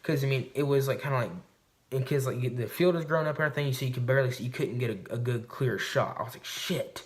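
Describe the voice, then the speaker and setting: Vlogging to camera, a fast-talking man with a medium-pitched voice recounts a hunting trip, rambling, swearing, and keeping it casual.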